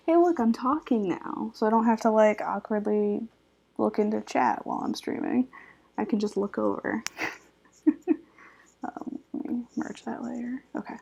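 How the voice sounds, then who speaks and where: A woman chatting casually with viewers while drawing on a live stream, her voice a little scratchy and groggy, relaxed and laughing often as she focuses on her work. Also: fairly high pitch, gravelly, slightly rough. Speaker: art streamer.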